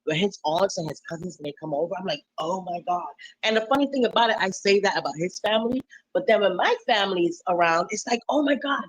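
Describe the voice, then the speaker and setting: A woman guest on a live stream, chatting casually and telling stories with lively acted-out quotes. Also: medium pitch, fast, hardly any pauses, no echo, rough recording. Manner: animated storyteller, acts out quotes. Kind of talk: casual chat.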